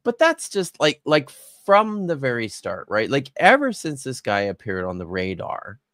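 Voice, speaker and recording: A male guest in a casual reaction chat, speaking in a deliberate, exasperated way. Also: mid-range voice, wildly swooping pitch, a bit bright, no room sound, studio quality.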